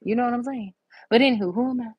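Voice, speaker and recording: A woman's voice: on the high side, very fast, husky, dry recording. A woman, chatting and storytelling with slang while doing nail art. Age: 30s. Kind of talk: casual chat while doing nails.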